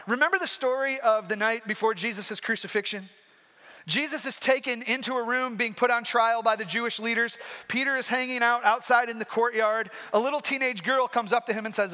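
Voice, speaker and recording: A man's voice: very high voice, normal speed, sharp tone. A man preaching a sermon, emphatic and repeating his key points, heard in a reverberant hall.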